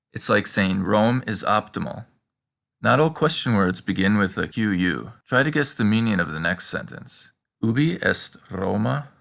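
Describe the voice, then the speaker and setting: A man teaching a scripted language lesson, prompting the listener with questions and slowing down for the example sentences. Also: fairly low pitch, gravelly, fairly bright tone.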